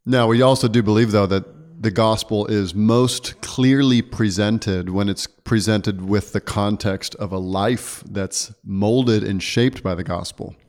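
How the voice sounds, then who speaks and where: Low-voiced earnest preacher man. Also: unhurried, hardly any pauses, a little mellow. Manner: earnest, self-correcting, laughs easily. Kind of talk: casual church podcast chat.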